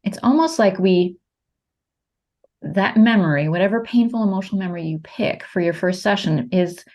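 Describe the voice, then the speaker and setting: A woman hosting a podcast, explaining her method to a guest in a calm, coaching way. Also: mid-range voice, moderate pace. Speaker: host, practitioner of the method.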